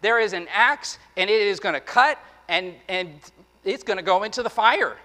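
A male pastor preaching a sermon, animated, slipping into the voices of his listeners and of the prophet. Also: sits high, moderate pace, long reverb tail.

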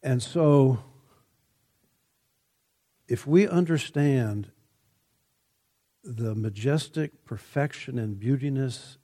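Slow, mellow-voiced male preacher. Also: medium pitch. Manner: measured, emphatic, rising on scripture quotes. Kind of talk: sermon.

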